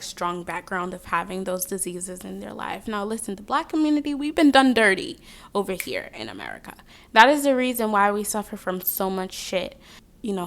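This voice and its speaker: A woman's voice: medium pitch, a bit bright. A young woman giving a casual tarot reading, chatty and rambling, drifting off on tangents between the cards. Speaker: tarot card reader.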